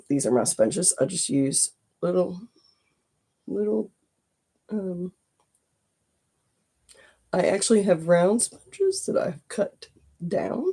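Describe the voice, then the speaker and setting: Husky, gravelly-voiced face painter chatting. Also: medium pitch. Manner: chatty and rambling, drifting into soft asides. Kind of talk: casual live-stream chat while painting. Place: home studio.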